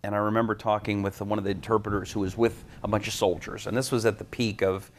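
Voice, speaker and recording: Man telling animated stories. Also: fairly low pitch, fast, slight background noise. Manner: animated anecdotes, acts out quoted voices. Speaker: radio talk host. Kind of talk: storytelling in an interview.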